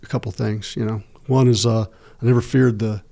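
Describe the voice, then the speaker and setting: A middle-aged man, a podcast guest telling long stories slowly, with many fillers and restarts. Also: lowish voice, fairly even intonation, gravelly, warm tone. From United States. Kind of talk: long-form interview storytelling.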